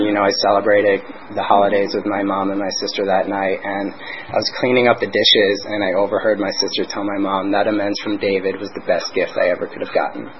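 Candid man sharing his recovery story. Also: lowish voice. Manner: candid, conversational, heavy on "like" and "you know". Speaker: twelve-step speaker. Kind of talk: personal recovery share. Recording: dull lo-fi recording with faint noise.

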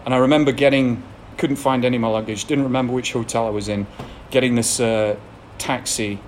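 Frank Englishman telling a rough story. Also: medium pitch, steady tone, a little fast, slight background noise. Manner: frank, self-deprecating storytelling with frequent laughs. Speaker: speaker sharing a recovery story. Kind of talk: candid personal testimony to an audience.

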